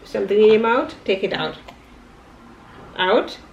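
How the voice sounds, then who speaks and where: Slow-talking mom with lilt. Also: female voice, medium pitch, expressive, a little mellow, lo-fi sound. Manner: playful, coaxing, laughs often. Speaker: vlogger mom. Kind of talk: casual home vlog, talking to her toddler. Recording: echoey room, faint background noise.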